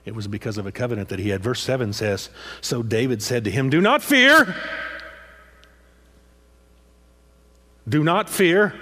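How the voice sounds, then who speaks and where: A man preaching a sermon with passion, repeating phrases and prodding his listeners with "huh?" after each point. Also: on the low side.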